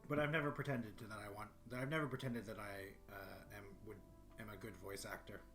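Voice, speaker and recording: A man with a deep voice chatting casually on a livestream, rambling and often clearing his throat. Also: fairly even intonation, fairly quick, a bit bright, soft background music. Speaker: streamer. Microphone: desktop microphone.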